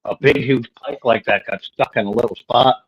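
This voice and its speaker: A man's voice: medium pitch, normal speed, slightly rough, highs cut off. A man from North Dakota, laid-back and joking, swearing now and then while telling fishing stories in a casual chat. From North Dakota, USA. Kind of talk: casual chat on a live stream.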